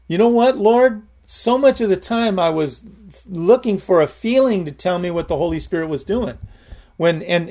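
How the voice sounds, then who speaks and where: A man's voice: on the high side, darkish tone. A male preacher giving an emphatic sermon, repeating and restarting phrases and calling out to the congregation. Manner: emphatic, addresses the congregation directly with repeated calls of "Amen?"; repeats and restarts phrases while building a point.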